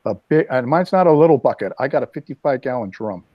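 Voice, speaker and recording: A man's voice: mid-range voice, quick pace, no echo. Rambling man in his sixties, dull lo-fi sound. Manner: rambling storyteller, animated asides. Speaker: host. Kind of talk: casual chat.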